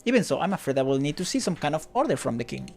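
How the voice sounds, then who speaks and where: A trilling receptionist woman in a dark fantasy game, high and sing-song, with a lilting, animated pitch that rises and falls, as a man puts her on. Her politeness is practiced and bureaucratic, every line sounding rehearsed a hundred times, over faint game music. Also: racing, vocal fry, heavily acted. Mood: cool, polite. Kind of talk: reading game dialogue aloud.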